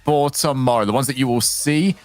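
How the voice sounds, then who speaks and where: A man's voice: mid-range voice, fairly quick, faint music behind. Man presenting an esports desk show.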